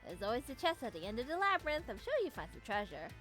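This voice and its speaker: A woman's voice: on the high side, very animated, fast talker. A woman streaming a video game, chatting and reacting as she plays, with game music behind. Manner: chatty, reacting and reading along. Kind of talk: let's play commentary.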